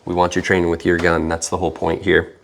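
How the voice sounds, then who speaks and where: A man from the company demonstrating a training kit, explaining in a relaxed way while handling it. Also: low-pitched, quick pace. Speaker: company representative. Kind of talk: product demonstration.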